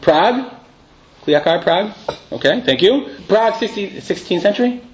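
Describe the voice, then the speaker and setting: A man's voice: high voice, lively intonation, normal speed, highs cut off, crowd noise. A man teaching a live Torah class. He reads Hebrew and Aramaic passages aloud, explains them conversationally and asks his students questions.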